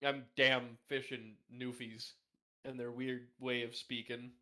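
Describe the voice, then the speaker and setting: Bright-voiced Canadian man, rambling. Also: mid-range voice, flat delivery, slow pace. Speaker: podcast guest. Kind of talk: casual podcast chat.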